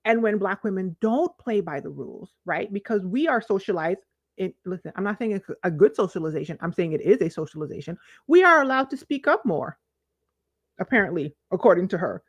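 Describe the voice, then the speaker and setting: A woman's voice: fairly high pitch, brisk, no room sound. A woman hosting a casual livestream, talking straight to her chat with emphatic repeats and asides. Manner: animated, talks to chat, emphatic repetition. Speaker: livestream host.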